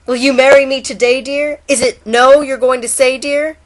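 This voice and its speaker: Woman reading as a lovesick storybook turtle, high pitched and pleading, loud. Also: fairly even intonation, moderate pace, lightly acted.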